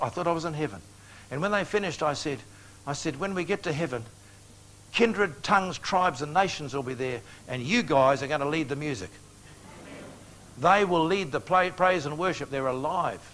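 An older man preaching an evangelistic sermon, telling stories with earnest, animated appeals. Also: fairly high pitch, slight background noise, rough recording. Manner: animated, earnest storytelling with altar-call appeals.

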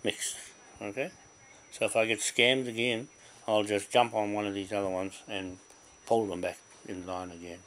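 A man with a lowish voice talks straight to camera, blunt and full of swearing. He circles back over the same words again and again. The recording is noisy, with a clear hiss running underneath. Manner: blunt, profane and repetitive. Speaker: vlogger. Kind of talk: casual to-camera talk.

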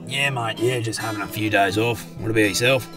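In animated cartoon voice acting, a man plays a laid-back Aussie bloke in high-vis who's a pub regular, swearing in every sentence. His voice sits on the low side, close to an everyday voice, with fairly even intonation and a slightly fast pace over background music.

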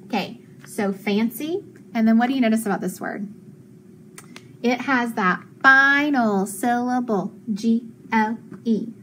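A woman teacher giving a phonics lesson for children, sounding out syllables slowly and clearly and praising her students. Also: fairly high pitch, sharp tone, a little hiss or hum, low-quality recording.

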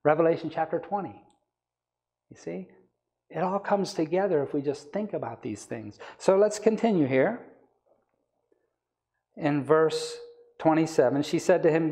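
A man's voice: fairly high pitch, lively intonation, normal speed, pauses often, mellow. A male evangelist preaching a sermon, reading scripture aloud and then explaining it with rising emphasis.

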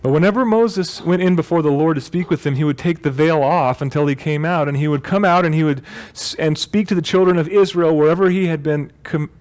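A male pastor delivering a sermon in church, his voice sitting somewhat high for a man. He keeps it conversational and light, dropping jokes and fixing his own slips as he goes. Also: a little fast, hardly any pauses, a little mellow. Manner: conversational and joking, with self-corrections.

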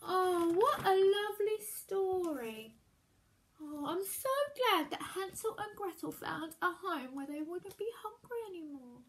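A woman teacher reads a story aloud for young children. Her voice sits high and she takes her time, slow and clear. She sounds expressive and exclamatory, drawing little listeners in. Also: a little hiss or hum.

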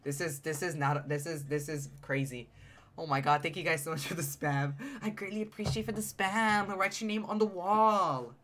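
A man streaming a game live, reacting with loud, excitable outbursts and teasing his chat. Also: a little high, normal speed. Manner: addresses chat directly, playful teasing. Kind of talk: live gameplay commentary.

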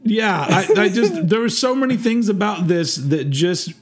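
Animated ranting man on a podcast. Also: high voice, normal speed. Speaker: podcast co-host. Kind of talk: casual review chat.

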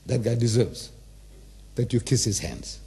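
With a dark, unhurried voice of medium pitch, a man in his seventies lectures publicly on religion, driving points home through repetition and rhetorical questions to his listeners.

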